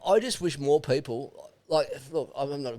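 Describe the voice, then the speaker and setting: A middle-aged Australian man appears as a podcast guest, chatting casually in a blunt, animated way and swearing freely. His voice is on the high side, at a moderate pace.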